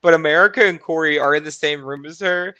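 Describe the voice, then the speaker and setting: A man on a podcast panel, recapping reality TV in casual chat, animated and rapid. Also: a little high, dry recording.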